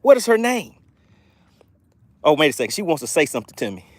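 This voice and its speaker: A man hosting a live fishing stream from a boat on a lake, excitable and playful as he reads the chat aloud. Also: a little high, fast talker, no echo. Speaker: fishing channel host.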